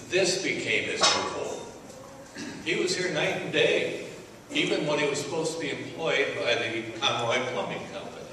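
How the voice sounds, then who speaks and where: An older man giving a speech at an awards ceremony, telling a story with gentle humor. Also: medium pitch. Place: large hall at an awards banquet. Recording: echoey hall, distant mic, faint noise.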